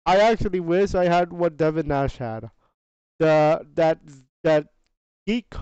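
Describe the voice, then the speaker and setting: A man hosts a podcast, walking through sales numbers in a slow, easygoing, chatty way. His voice is fairly high and smooth. The sound is dry and a little dull. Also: a little mellow, no echo. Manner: unhurried, chatty, restarts phrases, slangy asides. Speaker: podcast host. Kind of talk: casual podcast commentary on game sales data.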